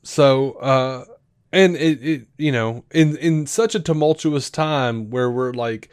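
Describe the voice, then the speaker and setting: On a casual podcast, this co-host talks at an ordinary male pitch, slowly and with a clean tone, miked close and dry with no room sound. He rambles, full of fillers and restarts, and slips into lively acted-out quotes while retelling scenes.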